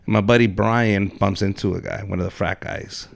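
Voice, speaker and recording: A young man hosting a podcast, telling loud, animated stories and swearing a lot. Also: on the low side, moderate pace, vocal fry. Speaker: podcast host, comedian. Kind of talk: casual podcast chat.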